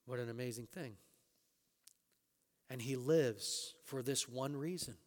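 A man preaching a sermon as pastor, rising to emphatic scripture quotes and dropping to quiet asides. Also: medium pitch, takes it slowly, long reverb tail.

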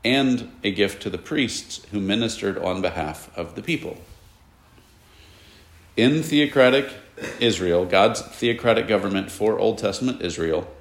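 Gravelly man teaching a Bible class. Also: fairly low pitch. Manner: explanatory, asks the class questions, casual asides. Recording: echoey room.

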